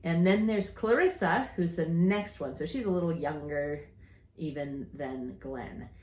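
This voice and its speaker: A woman in her fifties chats casually and tells family stories with restarts and easy laughter. Her voice sits fairly low, and the room around her is echoey and live. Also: measured pace, a little mellow. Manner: chatty, rambling storyteller with restarts and laughter. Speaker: podcast co-host telling family stories. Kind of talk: casual chat.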